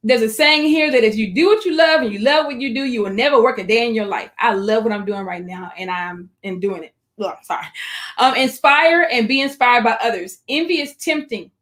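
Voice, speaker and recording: A woman presenting an online webinar for educators, encouraging and speaking directly to her audience, slowing down to stress key phrases over a computer microphone. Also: fairly high pitch, fairly bright tone.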